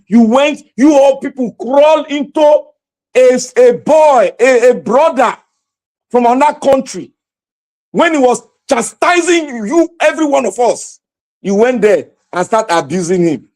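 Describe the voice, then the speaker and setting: A Nigerian man with a strikingly high-pitched voice, hosting a livestream and speaking straight to his viewers. He rants in a fervent, preachy way, breaking into loud shouts. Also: animated, measured pace. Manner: impassioned, preachy ranting with shouted outbursts. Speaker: livestream host. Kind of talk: livestream commentary.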